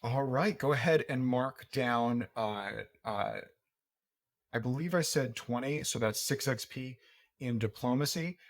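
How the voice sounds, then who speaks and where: A man's voice: mid-range voice, a little slow. A man narrating and calling checks as game master, in a hesitant, filler-heavy way. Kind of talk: running a tabletop game.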